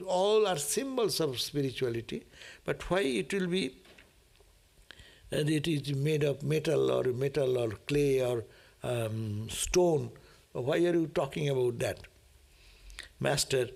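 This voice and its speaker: Teaching a scripture class, this monk reads from the text and comments on it conversationally, peppering his talk with "no?" and frequent laughter while acting out prayers. He has a highish, gravelly voice with a slightly mellow quality.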